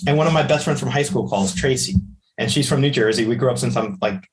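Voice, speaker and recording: A man, a podcast guest, telling a personal story in an animated way and acting out the voices of the people in it. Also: medium pitch, quick pace. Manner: animated, acts out the voices in his stories. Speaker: podcast guest, psychic medium.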